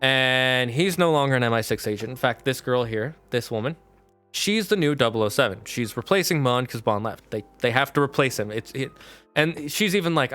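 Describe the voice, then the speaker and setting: Guy streaming, rambling to chat, smooth clear voice, little music in the back. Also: mid-range voice, brisk. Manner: animated, chatty, talks to chat mods. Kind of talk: casual livestream chat.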